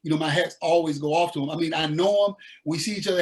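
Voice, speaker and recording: A man from the American South, a musician guest telling his story in a laid-back, animated way with slang. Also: a little high, rapid-fire. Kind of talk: casual interview storytelling.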